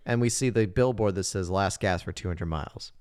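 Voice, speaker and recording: A man co-hosting a casual movie recap, often acting out characters' lines in high exaggerated voices. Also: fairly quick, darkish tone, smooth. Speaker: podcast co-host.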